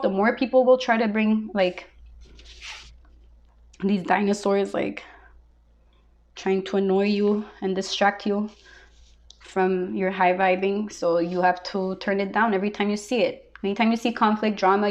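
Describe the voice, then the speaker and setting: A woman's voice: mid-range voice, highs cut off. A woman giving a casual tarot reading, blunt and emphatic, who swears freely. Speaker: tarot reader.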